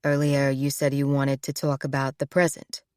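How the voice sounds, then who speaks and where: A woman voicing a protective ex-soldier man with a low, clipped delivery. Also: monotone, moderate pace, darkish tone, no room sound, studio quality. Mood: intimate. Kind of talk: audiobook character voice.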